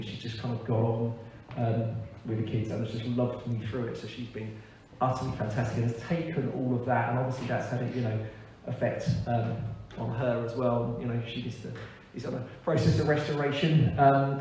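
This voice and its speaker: A man, a pastor, giving a frank, earnest testimony in a church service, with pauses and hesitations. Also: medium pitch, warm tone, a little hiss or hum. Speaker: church pastor on leave, interviewee. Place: large echoey church hall. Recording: echoey hall, distant mic, faint ambience.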